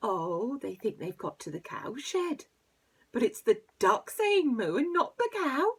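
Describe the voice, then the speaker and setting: Gravelly woman reading to children. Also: medium pitch, measured pace. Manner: animated, playful animal noises, hushed asides. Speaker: teacher. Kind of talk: reading a picture book aloud to young children.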